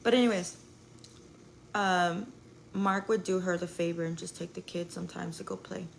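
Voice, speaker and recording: A woman's voice: lowish voice, level tone, normal speed, gravelly, slight background noise, rough recording. A young woman telling a rambling story to her live viewers, full of "like" and swearing. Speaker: live streamer.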